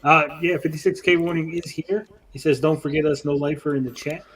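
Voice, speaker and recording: Guy hosting a late night stream, kinda high voice, jokey, swears a lot. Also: steady tone, fairly quick, fairly bright tone, slightly rough. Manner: loose and joking, swears freely. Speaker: host. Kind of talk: casual live-stream chat.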